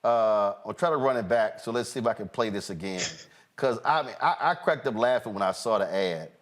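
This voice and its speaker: A man hosting a casual political commentary show, animated and mocking, talking while fumbling to play clips. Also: fairly low pitch, brisk. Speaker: host.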